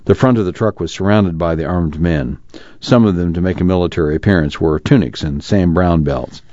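A man narrating a novel aloud for a radio reading service, steady and measured. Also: low-pitched, dry recording. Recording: dry, slightly muffled studio recording.

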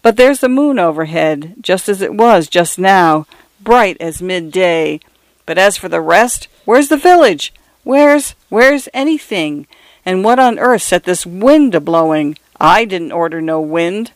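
A man's voice: sits high, lively intonation, measured pace, dry recording. A man voicing a panicky little clerk. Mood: bewildered. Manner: panicky, pleading, plain-spoken with rough grammar. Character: frightened small English clerk, a man. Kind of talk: storybook reading, character voice.

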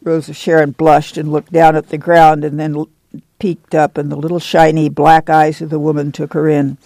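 A man reading a novel aloud as an audiobook narrator, measured and unhurried. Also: fairly high pitch, completely flat delivery, vocal fry, a little mellow, no room sound. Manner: slow, measured storytelling.

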